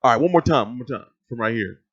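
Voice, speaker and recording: A man's voice: medium pitch, expressive, fast, no room sound. A man telling a story in casual, profane, rambling vlog commentary. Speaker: boxing vlogger. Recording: dry, slightly dull lo-fi sound.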